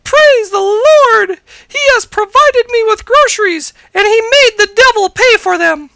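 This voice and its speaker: A man doing a shrill, shouting little old lady. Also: a little slow, vocal fry, dry recording, heavily acted. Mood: fervent.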